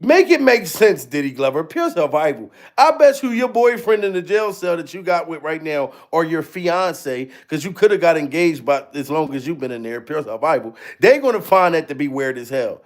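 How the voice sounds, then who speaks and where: A man giving loud, profane, comedic reaction commentary and repeating a catchphrase. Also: on the high side, animated, normal speed, hardly any pauses. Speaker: commentary vlogger.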